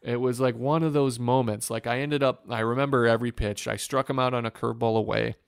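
A man from Northwest Ohio, a former pitcher, telling an earnest and emotional story in an interview. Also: fairly even intonation, fast talker, vocal fry, smooth, no echo, clean studio sound. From Northwest Ohio, USA. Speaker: former professional baseball pitcher, guest.

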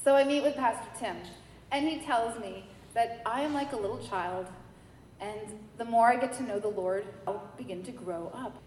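A woman from New York giving a personal faith testimony, telling her story in a lively way and acting out the dialogue. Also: on the high side, moderate pace. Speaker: church member giving testimony. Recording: echoey hall with faint noise.

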